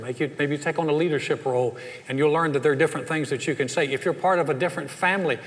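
A middle-aged man from the Southern United States, preaching a sermon full of stories and acting out the people in them. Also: fairly high pitch. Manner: animated, acts out voices in anecdotes. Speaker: pastor. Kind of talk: sermon with storytelling. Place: church sanctuary. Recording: long hall reverb.

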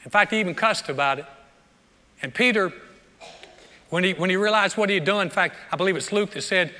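Speaking a little fast and pausing often, a male pastor gives a conversational sermon in a bright, high voice, frequently going back over his own words. Long reverb from the large church sanctuary trails behind everything he says.

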